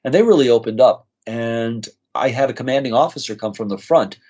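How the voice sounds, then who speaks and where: Man, mid-pitched, earnest and moved, telling stories in an interview; slightly muffled lo-fi sound. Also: brisk, darkish tone, husky. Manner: earnest, moved, acts out quoted voices. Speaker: nurse practitioner guest. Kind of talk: conversational storytelling.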